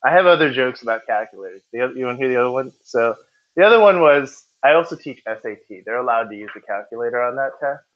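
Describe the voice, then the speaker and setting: In a dull lo-fi classroom recording, a man tutors a class for a test, chatting and joking with his students. His mid-range voice is expressive, and he talks fast.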